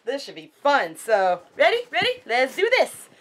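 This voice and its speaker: A woman vlogging a casual unboxing at home, chatty and excitable, cooing at her dogs. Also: fairly high pitch, moderate pace.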